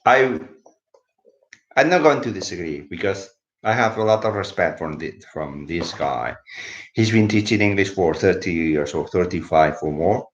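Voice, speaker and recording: A man's voice: low voice, lively intonation, normal speed. A man, a bit sleepy, giving a casual English lesson and switching between English and to explain words. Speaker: English teacher. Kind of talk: casual live video lesson. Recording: echoey room, dull lo-fi sound.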